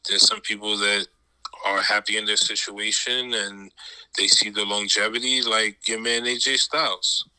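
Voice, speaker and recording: Very bright-toned man, slangy chat. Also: fairly low pitch, fairly even intonation, normal speed, clear, resonant tone, poor audio. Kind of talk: casual chat.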